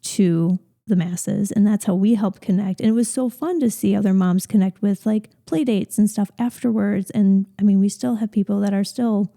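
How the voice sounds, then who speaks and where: A woman's voice: medium pitch, normal speed, creaky, hardly any pauses, mellow. A woman in her thirties co-hosting a podcast, chatting in a relatable, casual way. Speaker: podcast co-host, fitness business owner. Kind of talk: casual chat.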